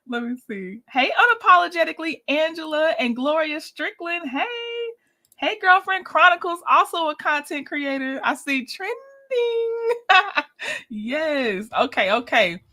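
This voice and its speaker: Livestream host, woman, bright and somewhat high voice, chatty, laughs easily. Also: expressive, a little slow. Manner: chatty, greets viewers by name, laughs often. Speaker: livestream host reviewing a reality show. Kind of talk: casual livestream chat.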